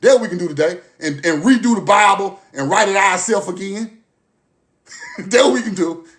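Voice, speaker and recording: Fiery high-voiced man preaching hard. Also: a little slow. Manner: forceful, repetitive, profane, swings from loud to low. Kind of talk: impassioned monologue to camera.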